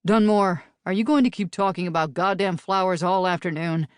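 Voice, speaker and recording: A woman voicing a gruff male US marshal who talks in a curt, impatient way. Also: fairly low pitch, moderate pace, no room sound, clean studio sound, lightly acted.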